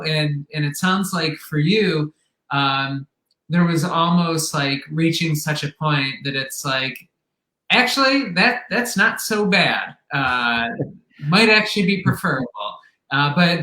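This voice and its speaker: Male podcast host, kinda high bright voice, echoey room, lots of ums. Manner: rambling, many fillers and restarts. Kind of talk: casual interview.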